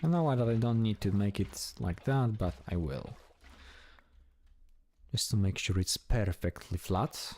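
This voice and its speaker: A man's voice: on the low side, lively intonation, measured pace, darkish tone. A man giving casual, chatty commentary while he plays a building game, talking to himself and swearing now and then. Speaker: gameplay streamer.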